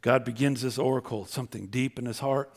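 A man preaching a sermon as pastor, humorous and conversational, swinging between loud emphasis and quiet asides. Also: medium pitch, steady tone, fairly quick.

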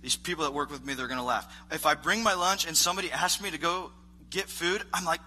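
A man's voice: high-pitched, quick pace, a little hiss or hum, poor audio. A man pastor preaching a conversational sermon in a church, rambling and self-deprecating with lots of filler words. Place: church stage. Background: live worship band playing softly.

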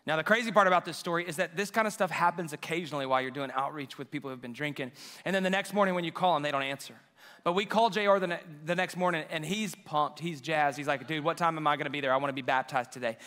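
Male pastor, higher voice, bright tone, emotional storyteller, church hall reverb with soft music. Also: fast. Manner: emotional storytelling, quoting dialogue. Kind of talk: sermon. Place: church auditorium.

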